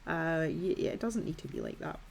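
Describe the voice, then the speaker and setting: A deep voice with vocal fry, moving a little fast: a Scottish woman in her thirties chatting through a colouring tutorial. She's self-deprecating and casual, often restarting and using fillers.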